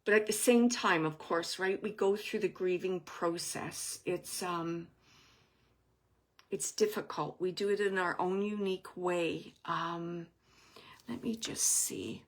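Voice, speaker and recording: Gentle woman giving a card reading. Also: fairly low pitch, steady tone, slow pace. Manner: gentle, reassuring, thinking aloud with many fillers. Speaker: oracle card reader and medium. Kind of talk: intuitive card reading for a viewer.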